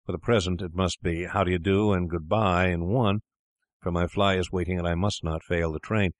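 A man's voice: low-pitched, steady tone, moderate pace, no echo, studio quality, lightly acted. A man voicing a flustered, wealthy elderly doctor who stammers and hurries his words.

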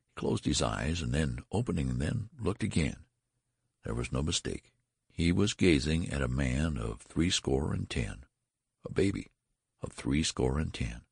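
A male narrator reading a classic story in an expressive, dramatic way. His voice is very deep, gravelly and husky, with lively swings in pitch. The recording is close and dry. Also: no echo.

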